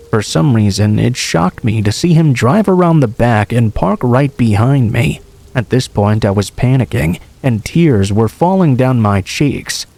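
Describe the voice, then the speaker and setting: Guy reading creepy true stories, steady and even, mid pitch. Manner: steady, measured first-person reading. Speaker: horror story narrator. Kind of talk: scripted narration of true scary stories.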